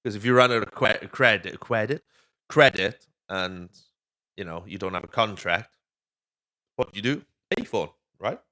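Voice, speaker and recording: Chatting through a movie recap on his podcast, a Welsh host swears freely and keeps going off on tangents. He talks at a normal speed in a lowish, sharp-toned voice.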